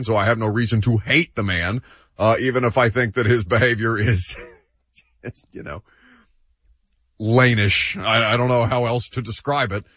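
A man's voice: medium pitch, a bit bright, dry recording, dull audio. A man co-hosting a sports talk show, giving opinionated takes in casual debate and laughing easily.

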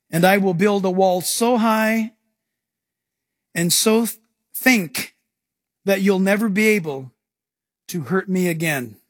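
High-voiced man preaching a sermon. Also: dry recording, studio quality. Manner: earnest, emphatic preaching with repeated phrases. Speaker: pastor. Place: church.

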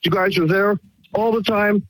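High, husky, emotional male caller. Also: fairly even intonation, normal speed, fairly bright tone, poor audio. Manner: emotional, grateful, stammering. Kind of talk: call-in radio chat.

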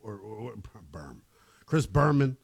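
A man's voice: on the low side, sing-song, vocal fry, husky. A man co-hosting a sports talk show, cutting in with jokes and objections. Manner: jokey, quick to interject. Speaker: sports radio co-host.

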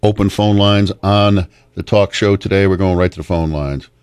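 A man hosting a call-in radio talk show, taking callers in a relaxed, halting way with restarts. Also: low voice, smooth.

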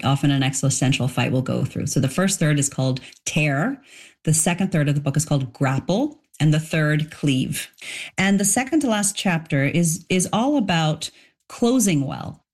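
Woman author, middle-aged, low voice, reflective interview answers. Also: a little mellow. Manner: thoughtful, explanatory, with frequent restarts.

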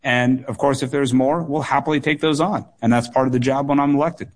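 A man's voice: medium pitch, steady tone, fairly quick. A man running for office, answering listener questions in a radio interview in an earnest way, repeating words for emphasis. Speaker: political candidate guest.

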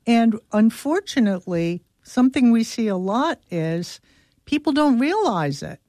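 Warm mellow lady doctor explaining stuff with analogies, dry recording. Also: a little high, expressive, no echo. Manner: explains with analogies, slows for emphasis. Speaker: physician guest. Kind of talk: explanatory conversation.

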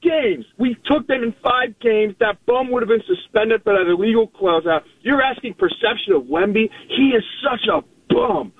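A man calling in to a sports radio show, hoarse from screaming, brash and trash-talking. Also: very high voice, expressive, moderate pace, hardly any pauses, dry recording. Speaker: caller. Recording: tinny phone line.

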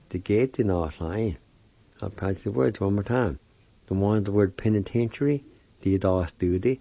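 A man's voice: sits low, moderate pace, vocal fry, dark tone, slightly rough, no echo, highs cut off. A man teaching a weekly language lesson, spelling and pronouncing words carefully syllable by syllable.

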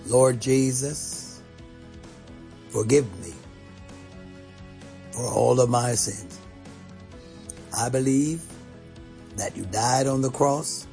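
A bishop leading listeners in a prayer, phrasing it slowly and deliberately for them to repeat. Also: male voice, mid-range voice, vocal fry, dark tone, faint music behind.

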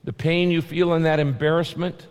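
A man's voice: fairly high pitch, flat delivery, normal speed, smooth. A male pastor preaching a sermon, emphatic and repetitive, his voice rising sharply on key points. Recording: long hall reverb.

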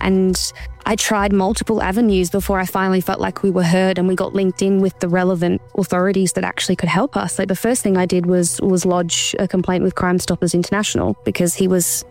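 A woman giving earnest, measured interview answers about a hard personal experience. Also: mid-range voice, gravelly, a little mellow. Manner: earnest, measured, acts out quoted voices. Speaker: interview guest, survivor telling her story.

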